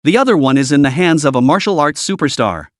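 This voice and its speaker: Guy reading a chill confident rich young dude, lively up and down, dry close sound. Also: on the high side, quick pace, no room sound, lightly acted. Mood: assured. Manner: composed, assured.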